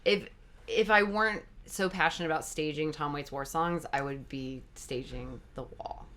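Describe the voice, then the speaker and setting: A woman guest in a casual interview, telling animated stories, laughing often and acting out quoted dialogue. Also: sits low, normal speed, a little hiss or hum.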